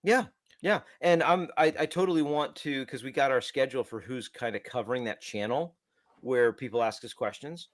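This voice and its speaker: A man chats casually on a developer podcast, with a voice of ordinary pitch. He rambles through stories with lively restarts and acts out little exchanges. The recording is close and dry. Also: normal speed, no echo. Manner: rambling, animated storytelling with many restarts. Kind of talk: casual tech chat.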